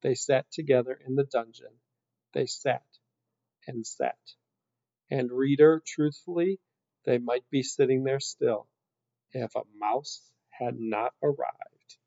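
A man reading a children's book aloud in an expressive, unhurried storytelling manner. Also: medium pitch, vocal fry, no echo. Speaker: story reader. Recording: dull lo-fi recording.

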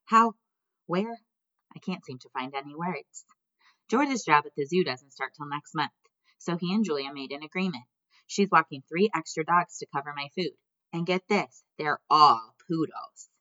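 Low-voiced woman narrating a story. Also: moderate pace, fairly bright tone, dry recording, lo-fi sound. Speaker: audiobook narrator. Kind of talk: scripted narration.

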